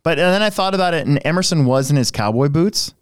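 A man's voice: fairly high pitch, expressive, fast talker, clean tone, dry recording, clean studio sound. A man co-hosting a hobby podcast, telling a rambling story in casual chat and restarting his sentences often. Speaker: podcast co-host.

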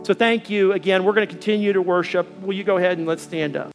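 A man preaching a sermon in a church as pastor, telling a story with lively acted-out dialogue. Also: sits high, fast talker, faint music behind. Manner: animated storytelling, acting out dialogue.

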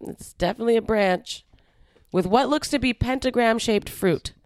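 A woman co-hosting a casual podcast, teasing the others sarcastically and quick to laugh. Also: fairly high pitch, a little mellow, no room sound, studio quality. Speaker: podcast co-host. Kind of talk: casual chat.

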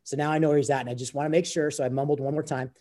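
A man's voice: a little high, level tone, racing, a little mellow. A man telling a personal story as an interview guest, earnest and repeating phrases as he goes. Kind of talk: conversational storytelling.

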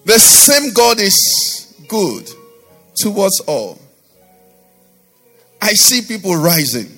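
Pastor guy with a high voice, preaching in repeating runs, soft music underneath. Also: big pitch swings, very slow, in a large hall. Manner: rhythmic repetition, rising to fervent declarations. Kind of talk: sermon with prayer over music.

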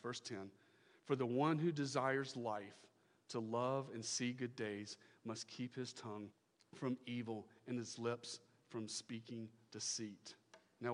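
A male pastor preaching a sermon, emphatic, repeating his phrases and swinging from loud declarations to hushed lines. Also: medium pitch, big-room sound.

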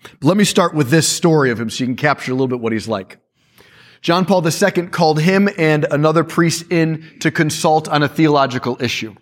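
A male priest speaking to a church audience, telling stories in a lively way with quick asides. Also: on the high side.

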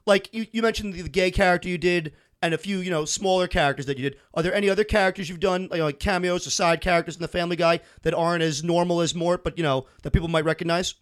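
A man's voice: sits high, steady tone, quick pace, hardly any pauses. A man co-hosting, asking long rambling questions. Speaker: co-host. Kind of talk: casual interview.

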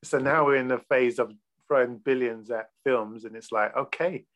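A man's voice: medium pitch, steady tone, normal speed, fairly bright tone. A man in casual podcast chat about films, talking in a loose, profane, enthusiastic way. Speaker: podcast panelist.

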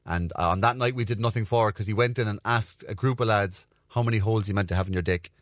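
A man's voice: fast talker, dry recording, clean studio sound. A young Irish man, a comedian hosting his own show, telling a rambling, crude story with plenty of swearing. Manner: rambling, crude, swears freely, acts out voices in a high pitch. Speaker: comedian podcast host. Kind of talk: casual storytelling monologue.

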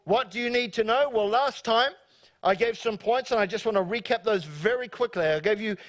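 High-voiced New Zealand pastor preaching. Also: male voice, brisk. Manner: animated, joking, acts out quoted voices. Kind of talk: live sermon. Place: church service before a congregation.

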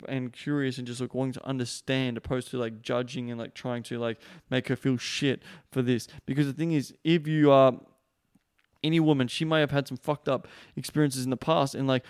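A man's voice: medium pitch, fairly even intonation, fairly quick, a little mellow, clean tone, dry recording, clean studio sound. Profane, rambling male dating coach. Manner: heavily profane, rambling, emphatic. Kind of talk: casual coaching monologue.

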